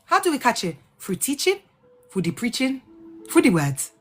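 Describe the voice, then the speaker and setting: A woman hosting a casual livestream, talking in an animated, digressive way and spelling out sensitive words letter by letter. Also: high-pitched, normal speed, breathy edge. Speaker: livestream host. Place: lives in England.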